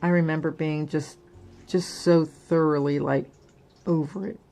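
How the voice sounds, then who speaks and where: Over soft background music, a middle-aged woman with a low, mellow voice chats unhurriedly on her crafting channel. Her intonation is fairly even, and she rambles candidly in a casual personal way, with many fillers.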